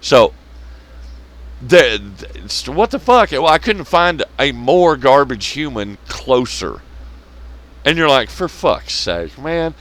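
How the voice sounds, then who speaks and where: A man's voice: mid-range voice, big pitch swings, slow pace, pauses often, a bit bright. A man giving blunt, sarcastic, profane commentary on a rant vlog, laughing at his own jokes. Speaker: wrestling commentary vlogger.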